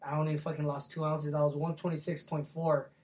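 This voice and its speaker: A young man speaks in a fairly high voice, a professional boxer recounting his fights in a relaxed interview. His talk is loose and slangy, packed with fillers and casual swearing. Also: fairly quick.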